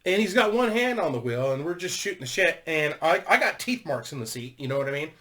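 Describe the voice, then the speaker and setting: A man's voice: fairly high pitch, very animated, a little fast, fairly bright tone. A man telling a long rambling story to his viewers, swearing constantly and laughing as he goes. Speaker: YouTuber.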